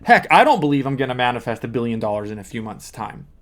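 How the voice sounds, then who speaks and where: A man's voice: mid-range voice, big pitch swings, quick pace. A man speaking as a manifesting coach, explaining step by step in an earnest teaching monologue with repeated emphasis.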